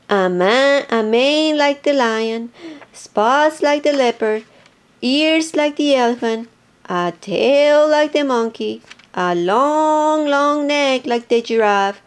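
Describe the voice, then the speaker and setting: A woman reading a picture book aloud, gently and with small asides to listeners. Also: high-pitched. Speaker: storybook reader.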